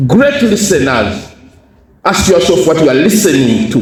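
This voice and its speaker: A man's voice: fairly high pitch, big pitch swings, moderate pace, distant mic. Male educationalist, fervent motivational speaker, off-mic in a reverberant hall. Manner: emphatic, asks the audience questions and repeats key phrases. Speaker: guest speaker. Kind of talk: motivational talk to students.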